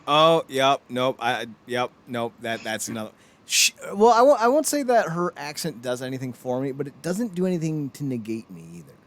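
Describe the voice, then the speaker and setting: Speaking at a normal pace with a medium-pitched voice, a thirtysomething podcast host jokes around in casual chat. He's animated and laughs often.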